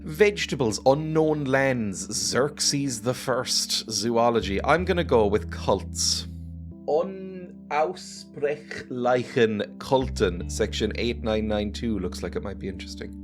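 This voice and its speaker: Taking it slowly, this man plays a game and chats casually, his medium-pitched voice full of lively intonation. The let's play gamer is jokey and laughs often while music plays behind him.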